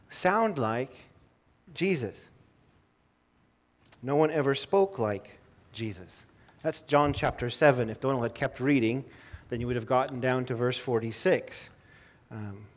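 A man preaching a sermon to his church in a conversational way, often repeating words as he restarts a thought. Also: mid-range voice. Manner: conversational, self-interrupting with small laughs and repeated words. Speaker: pastor.

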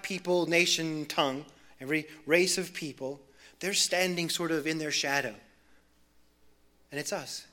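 A man with a bright, forceful voice, pitched a touch above the usual, preaches a sermon. He is earnest, climbing in intensity through lists before easing down soft. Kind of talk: expository sermon.

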